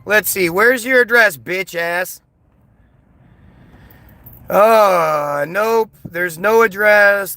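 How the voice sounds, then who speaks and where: A man's voice: high voice, bright, forceful tone, dry recording, rough recording. A man livestreaming a heated, agitated rant, scornful and repetitive as he answers his chat. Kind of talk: heated live-stream rant.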